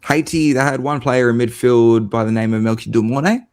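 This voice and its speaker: A man's voice: medium pitch, moderate pace, darkish tone, smooth. An Australian man chatting about football as a panel guest on a video call, easygoing and teasing. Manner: easygoing, teasing, self-deprecating. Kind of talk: casual football chat.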